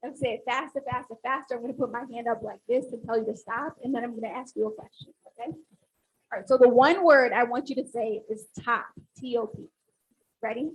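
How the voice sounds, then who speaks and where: Speaking fairly quickly at a fairly high pitch, a female academic on a panel animatedly guides the audience through an exercise. Her manner is instructive and draws the listeners in. The audio quality is poor.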